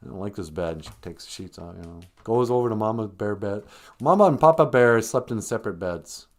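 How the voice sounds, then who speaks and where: A man's voice: on the low side, expressive, a little fast. Jokey, rambling man telling a story. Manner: rambling, jokey, sing-song asides. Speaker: podcast host. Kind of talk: comedic storytelling.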